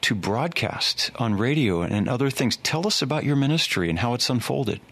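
A man's voice: medium pitch, animated, moderate pace, fairly bright tone. A man hosting a faith talk show, asking questions and affirming his guest. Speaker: show host.

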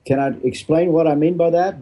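Older man, retired preacher, husky and dark-toned, emphatic with rhetorical questions. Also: on the high side, fairly even intonation, fairly quick. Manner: emphatic, rhetorical questions answered himself, repeats phrases. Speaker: retired pastor, interview guest. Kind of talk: interview answer, preaching-style explanation.

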